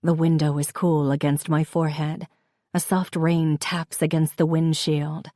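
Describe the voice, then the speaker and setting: A woman narrates a first-person novel in a calm, reflective way. Her voice is low and mellow. The recording is close and dry. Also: unhurried, no room sound. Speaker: audiobook narrator.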